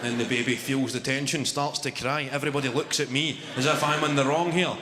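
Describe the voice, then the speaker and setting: A man's voice: mid-range voice, steady tone, a little fast, very noisy. A young man in his twenties with a Glaswegian Scottish accent doing a brash, sweary stand-up routine. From Scotland. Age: 20s. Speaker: stand-up comedian. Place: large arena stage with a laughing crowd. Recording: live arena recording with long reverb and loud crowd.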